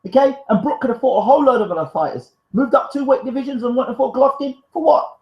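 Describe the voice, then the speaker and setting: A man's voice: very high voice, quick pace, vocal fry, reverberant, dull audio. A man hosting a live stream, reading out viewer comments and arguing back in a fiery, defensive, emphatic way. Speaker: live show host.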